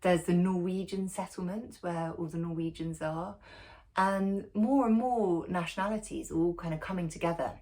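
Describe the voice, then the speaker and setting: A woman with a slightly low voice chats through a book review at home, sitting in her dog's bed. She talks casually to camera, with frequent ums, restarts and friendly asides. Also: moderate pace. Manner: chatty, warm asides, many ums and restarts. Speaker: book club host.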